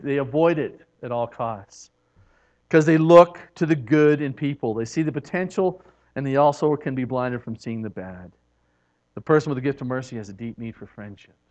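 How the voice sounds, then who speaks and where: Higher-voiced man preaching, dull lo-fi sound. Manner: acts out quoted speakers in soft, hushed voices. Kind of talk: church teaching. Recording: dull lo-fi recording.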